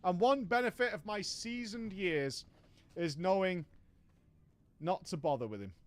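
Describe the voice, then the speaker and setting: A man with a high-sitting voice and a measured pace narrates a comic story from an online game. He sounds wry and exasperated, often breaking into laughter.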